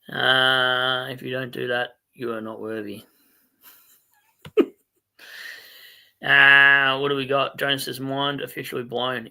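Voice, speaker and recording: Aussie guy hosting a late night stream, reading chat out, rambly and chatty, really bright sharp voice. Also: medium pitch, creaky. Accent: Australian. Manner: rambling, chatty, quick to laugh at himself. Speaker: fantasy football stream host. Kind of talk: casual late-night livestream chat, reading viewer comments.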